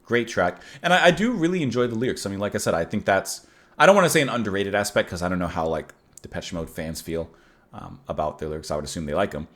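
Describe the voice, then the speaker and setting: A man's voice: sits low, animated, fast. A man hosting a casual music reaction, thinking aloud enthusiastically with many fillers and restarts, and reading song lyrics aloud with feeling.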